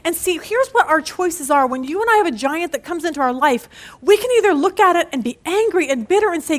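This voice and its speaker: High-voiced woman teaching a Bible study. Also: fairly quick. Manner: animated storyteller who laughs at her own stories; casual and conversational.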